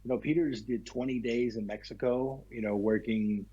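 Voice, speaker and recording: Southern American man, husky voice. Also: mid-range voice, steady tone, normal speed, dark tone, lo-fi sound. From Kentucky, United States. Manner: easygoing, repeats words as he talks. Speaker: actor, interview guest. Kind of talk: casual interview chat.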